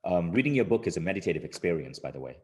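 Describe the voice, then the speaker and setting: A man's voice: sits low, sing-song, very fast, a little mellow. A man hosting a live online interview, enthusiastic and hesitant, with many fillers. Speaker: host.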